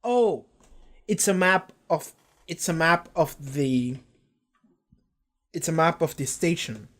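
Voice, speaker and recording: Excitable rambling man recapping a show. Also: a little high, takes it slowly. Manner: rambling, excitable, swears casually, acts out characters' lines. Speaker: reaction channel host. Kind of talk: casual episode recap and discussion.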